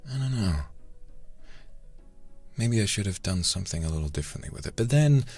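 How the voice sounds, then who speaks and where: A man's voice: lowish voice, lively intonation, brisk, a little mellow, no echo. A man chatting casually on a live stream, reflecting aloud and thanking viewers by name between thoughts. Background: faint background music.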